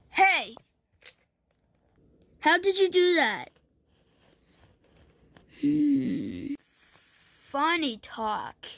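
A woman's voice: sits high, animated, extremely slow, creaky, long pauses, a bit bright, dry recording. A woman acting out a homemade toy story, playful and full of exclamations and silly character voices.

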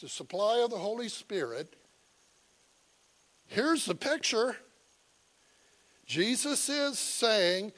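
A man delivers a sermon at an unhurried pace in a slightly high voice. He is folksy and chuckling, with plenty of halting fillers. Then he swells into loud, animated storytelling. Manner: animated storytelling, swings from quiet asides to loud emphatic cries. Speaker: preacher. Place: visiting church.

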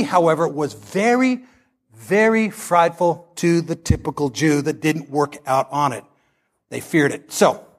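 A male pastor preaching a sermon, telling stories in a folksy, emphatic way. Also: sits high. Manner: animated storytelling, folksy and emphatic.

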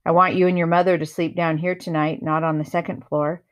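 Weary storybook dad, grave and quiet, voiced a little lower by a woman reader. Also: level tone, a little fast, lightly acted. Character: tired, grave middle-aged father.

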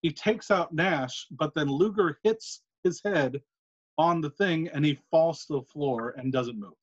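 Guy on a podcast going thru an old wrestling angle, kinda high voice, muffled lo-fi sound. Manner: animated retelling with quick asides. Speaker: podcast co-host. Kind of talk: casual podcast storytelling. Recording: muffled lo-fi recording.

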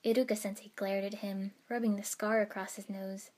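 A woman narrating a story in the first person with an even, steady reading. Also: medium pitch, moderate pace.

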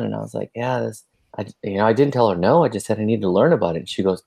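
A man's voice: on the low side, lively intonation, quick pace, vocal fry, warm tone. A man co-hosting a podcast in casual chat, telling loose, profane stories full of fillers. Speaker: podcast co-host, school principal.

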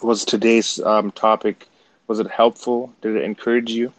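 A man from Canada hosting a casual livestream, chatty and quick to laugh things off as he talks straight to his viewers. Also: on the low side, flat delivery, no room sound, low-quality recording. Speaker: livestream host.

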